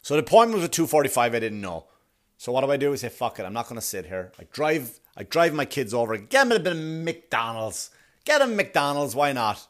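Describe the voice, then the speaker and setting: A man's voice: on the high side, very animated, brisk, a bit bright. A man hosts his own show and rants on his own, sarcastic and fed up, with a curse in nearly every sentence. His voice sits a little above the usual male range. He talks as a dad venting about everyday annoyances. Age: adult father. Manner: sarcastic, exasperated, swears constantly. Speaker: podcast host. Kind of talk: profane ranting monologue.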